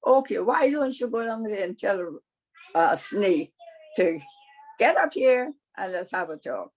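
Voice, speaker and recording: A woman voicing the Lord in a folktale, folksy and matter-of-fact, speaking slowly. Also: medium pitch, lively intonation, darkish tone, poor audio. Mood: firm. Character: easygoing, firm male Lord figure.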